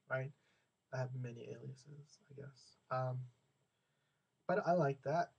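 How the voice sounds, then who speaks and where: A young man from the States talks through a loose, rambling vlog rant. His voice is gravelly and mellow, with plenty of fry. He keeps repeating and restarting words and acts out the people he quotes. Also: medium pitch, low-quality recording. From United States. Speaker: vlogger. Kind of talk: casual venting monologue.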